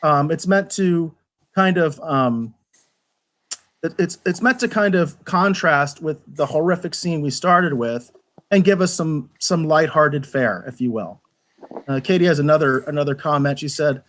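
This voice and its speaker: Animated, rambling man reviewing a show. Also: a little high, measured pace. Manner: animated, rambling with many restarts. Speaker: podcast co-host. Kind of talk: casual review chat. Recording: live online show.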